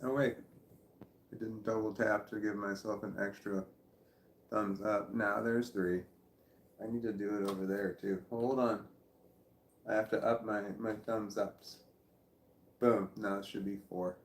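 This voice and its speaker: A Midwestern American man vlogs in a rambling, self-deprecating monologue that drifts off track, speaking low with fairly even intonation, a measured pace, and long pauses. A phone or camera nearby records him in a roomy space with slight background noise.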